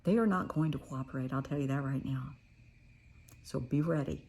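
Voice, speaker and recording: Calm low husky woman therapist. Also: moderate pace. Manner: calm, reassuring, demonstrates with playful voices. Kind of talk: teaching coping techniques.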